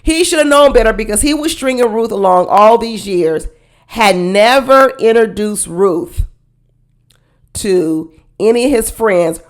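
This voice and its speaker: A woman giving casual, blunt commentary on a reality show, with sassy, animated delivery and frequent laughing asides. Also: medium pitch, measured pace. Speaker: reality TV reaction host.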